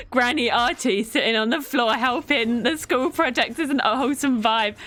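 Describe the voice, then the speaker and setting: A woman's voice: fairly high pitch, lively intonation, moderate pace, a bit bright. A young woman streaming a game, chatting casually, reacting to the game and thanking viewers by name. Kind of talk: casual live-stream chat while playing. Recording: faint music behind.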